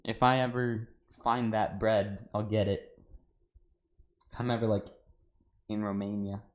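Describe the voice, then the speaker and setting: A fairly low-pitched American man on a livestream, talking casually to his chat as he cooks in his home kitchen. He rambles from one thought to the next and drops "dude" often. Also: flat delivery, a little slow. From United States. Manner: talks to chat while cooking. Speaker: cooking livestreamer.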